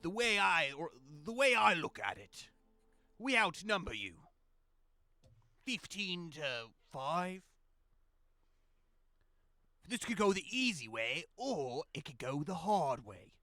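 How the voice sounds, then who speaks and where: Pirate captain, a man putting him on: male, brash, bargaining, loud and animated. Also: a little high, slow pace, long pauses, no echo, soft background music, voice pushed up, full character voice. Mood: threatening.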